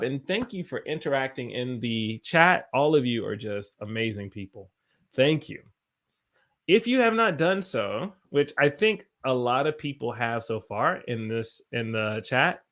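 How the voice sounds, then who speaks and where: An American man teaching English on a live stream, with a lively voice that swings up and down in pitch. He reads out viewer comments and jokes around between explanations. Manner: lively, animated delivery, reads chat messages aloud and jokes with viewers. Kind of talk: live-streamed English lesson, reading chat aloud.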